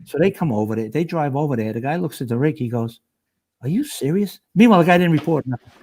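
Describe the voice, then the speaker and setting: An older New Yorker, a retired fire lieutenant, guests on a podcast and tells stories in a casual chat. He is animated and rambling, acting out the voices of people he quotes, speaking rapid-fire with a voice on the high side.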